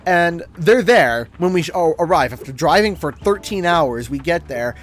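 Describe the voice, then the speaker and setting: A man's voice: on the high side, moderate pace. A man streaming a game, telling a story casually and acting out what other people said. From Canada. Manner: animated, acts out other people's lines in changed voices. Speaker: gaming streamer.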